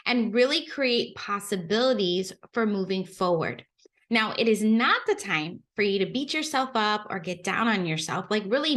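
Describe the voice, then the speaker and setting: A woman's voice: fairly high pitch, bright, forceful tone. Upbeat chatty woman podcast host. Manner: upbeat and chatty, frequent "right?" and "like"; acts out quoted reactions with playful exclamations. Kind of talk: casual motivational podcast talk.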